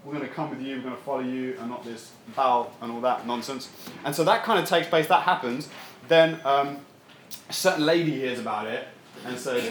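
A man's voice: mid-range voice, a little fast, very echoey, a little hiss or hum. A man preaching a casual, joking sermon and bantering with his congregation. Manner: playful, animated, banters with the congregation.

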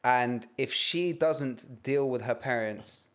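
A man's voice: mid-range voice, takes it slowly. A man in casual podcast chat, blunt and teasing.

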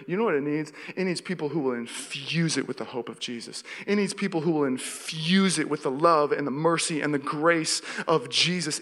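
A man's voice: sits high, bright, forceful tone. A young man from the Seattle area preaching a sermon as pastor, telling a story vividly and acting out his own panic. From Seattle area, USA. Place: church hall. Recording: long reverb of a church hall.

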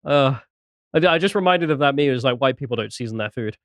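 Lively, laughing male podcast host. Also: medium pitch, fast, dry recording, clean studio sound. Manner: laughs often, reads posts aloud. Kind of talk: casual podcast chat.

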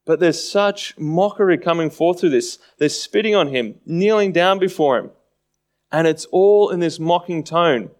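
A man's voice: on the high side, measured pace. A man preaching a sermon in a conversational way, often acting out mocking voices.

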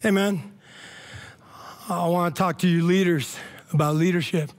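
High-voiced pastor preaching casually. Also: male voice, fairly even intonation, unhurried. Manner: casual, conversational preaching with frequent "all right?" asides and laughs. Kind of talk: sermon. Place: church.

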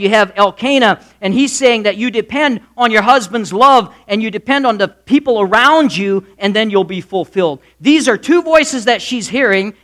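High-voiced preacher with dramatic swings. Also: male voice. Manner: acts out characters in quick asides, swings from loud to soft. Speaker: pastor. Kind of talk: sermon.

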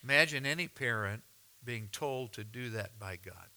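A man preaching a sermon, reading scripture aloud and explaining it with deliberate, dramatic pauses. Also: medium pitch, expressive, bright, forceful tone. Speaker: pastor.

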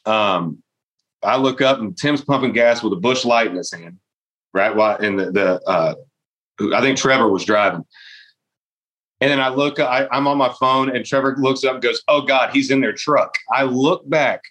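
A man's voice: mid-range voice, moderate pace, fairly bright tone. A man in casual chat telling a rambling story and laughing as he goes.

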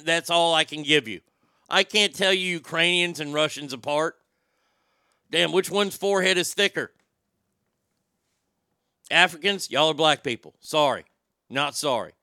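A man's voice: a little high, unhurried, long pauses, sharp tone, smooth, no room sound, studio quality. A man hosting a talk show, ranting bluntly and profanely, with frequent stammered restarts. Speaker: show host. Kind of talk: opinionated talk show rant.

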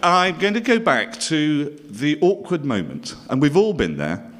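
A man's voice: fairly high pitch, big pitch swings, measured pace, fairly bright tone. A middle-aged man from northern England telling a stand-up story with dry, self-mocking asides to the audience. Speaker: comedian.

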